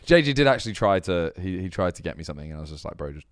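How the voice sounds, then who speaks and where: Low-voiced young man, dry teasing. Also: sing-song, rapid-fire, no room sound. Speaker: podcast co-host. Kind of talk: casual chat among friends.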